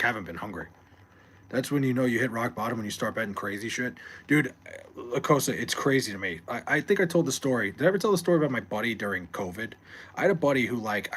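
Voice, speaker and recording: A man's voice: on the low side, fairly bright tone, slightly rough. A man streaming late at night from home, chatting loosely with chat, swearing and rambling, on a desk mic. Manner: loose, profane, rambling, reads chat aloud. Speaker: live streamer.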